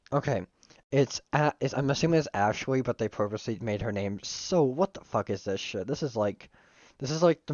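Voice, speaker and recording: A male streamer reads a game aloud and riffs on it with profane, joking commentary. His voice sits at an everyday pitch, recorded dry and a bit muffled on a modest home mic. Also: a little mellow, no echo. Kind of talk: casual game playthrough commentary.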